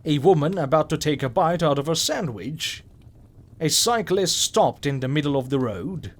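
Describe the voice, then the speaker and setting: A man narrating a scripted horror story in a measured, wry way. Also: on the high side, expressive.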